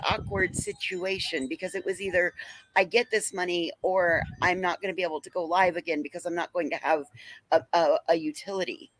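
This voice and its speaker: A woman's voice: mid-range voice, a bit bright, a little hiss or hum, low-quality recording. Woman panel guest, heated and profane, faint clicks behind her. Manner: angry, profane, emphatic. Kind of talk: heated live-stream panel talk.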